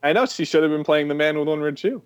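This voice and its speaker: A man's voice: on the high side, clear, resonant tone, no echo. A man co-hosting a podcast, chatting casually about a movie and acting out scenes in mocking quotes. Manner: animated, quick asides, mocking quotes. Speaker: podcast co-host. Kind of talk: casual movie review chat.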